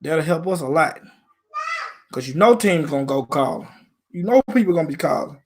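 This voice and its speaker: A man's voice: a little high, animated, moderate pace. A man from Memphis with a Southern accent, hosting a casual live stream about football in a laid-back, slangy way. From Memphis, Tennessee.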